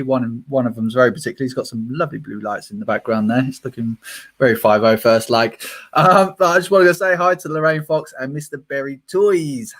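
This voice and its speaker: A British man hosts a casual group livestream, chatting away, poking fun at himself, and laughing often. His voice sits at a medium pitch with a slightly bright quality.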